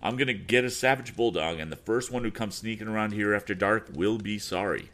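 A man's voice: fairly low pitch, brisk, a bit bright, voice pushed up, natural voice. A man voicing a stern young male inventor in a storybook reading. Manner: stern, commanding.

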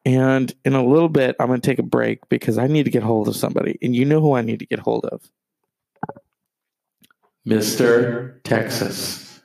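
A man's voice: mid-range voice, steady tone, normal speed, creaky, a little mellow, no echo. A man in his late thirties hosting a solo podcast, rambling and gossiping with plenty of swearing. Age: 30s. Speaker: podcast host.

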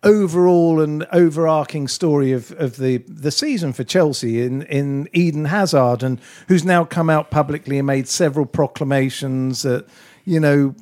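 A man's voice: a little high, normal speed, darkish tone. A man hosting a casual football podcast chat, talking in a chatty way. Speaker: podcast host.

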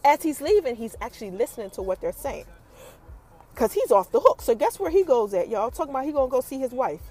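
Animated high-voiced woman recapping a show. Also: quick pace, slightly rough, soft background music. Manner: animated storytelling, acts out characters' quotes, addresses listeners as y'all. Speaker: TV recap host. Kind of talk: casual episode recap.

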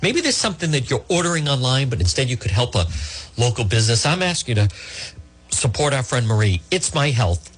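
Male talk-radio host, husky, animated, emphatic. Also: medium pitch, a little fast. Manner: animated, emphatic, mocking voices of opponents. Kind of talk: political talk radio monologue.

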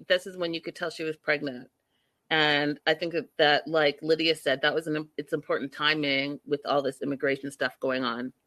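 Blunt, exasperated woman with a bright voice. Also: sits low, no echo. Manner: exasperated, blunt, swears freely; acts out quoted people with sudden loud bursts. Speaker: reality show commentator. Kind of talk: casual recap chat to viewers.

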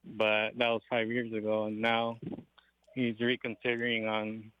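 A man's voice: fairly low pitch, monotone, a little slow, clear, resonant tone, dry recording. Guy in his 20s calling in, matter-of-fact, dry voice, muffled phone sound. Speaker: caller, EMT. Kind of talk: calling into a radio show. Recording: dull phone-line call.

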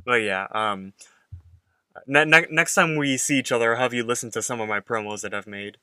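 Young man, bright tense voice, dry close sound, animated casual recap, acts out lines. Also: mid-range voice, a little fast, smooth, dry recording. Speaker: podcast co-host. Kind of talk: casual chat recapping a cartoon episode.

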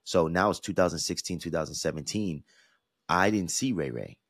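A man's voice: low voice, moderate pace, fairly bright tone, husky, no room sound. A man in his thirties from the US East Coast, hosting a podcast and telling a personal story in an earnest, reflective way with frequent restarts. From New York–New Jersey area, US East Coast. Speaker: podcast host.

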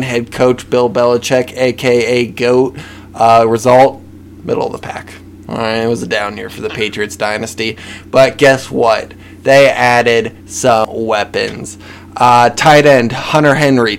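A man hosts a loose sports podcast, reeling off lists at a steady middle pitch and needling his guests. A faint hiss of noise sits under his voice. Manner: runs through lists, teasing. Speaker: podcast host. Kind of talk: casual sports chat.

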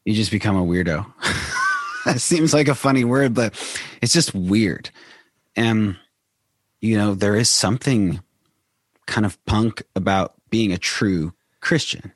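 Low-voiced guy, church member, halting and unsure, dry sound. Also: no room sound. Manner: hesitant, searching for words. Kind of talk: casual conversation.

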